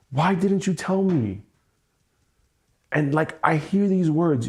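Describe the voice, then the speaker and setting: A man's voice: on the high side, lively intonation, takes it slowly, pauses often, a little mellow. A man hosting an EFT tapping session, venting with angry, profane, repetitive words and weary sighs.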